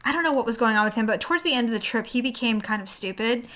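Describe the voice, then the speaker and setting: A middle-aged woman co-hosting a podcast, chatting casually and telling animated stories, acting out the people she quotes. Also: fairly high pitch, racing, slight background noise. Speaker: podcast co-host. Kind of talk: casual chat.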